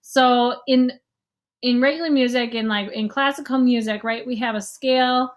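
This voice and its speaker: A woman's voice: a little high, fairly even intonation, normal speed. A young adult woman giving a casual online music lesson, explaining rhythm and scales and sometimes humming or counting beats aloud. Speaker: music teacher.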